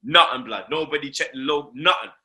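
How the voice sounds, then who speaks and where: A young London man tells a story in casual chat, his voice very bright and cutting. He is full of slang and swearing, and he keeps tagging his lines with fillers as he goes. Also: on the high side, a little fast. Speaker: host.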